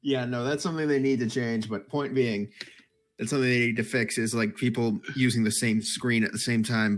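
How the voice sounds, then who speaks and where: Male game master, casual and rambling, mid-pitched, restarts sentences. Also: fairly bright tone. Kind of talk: narrating a tabletop game.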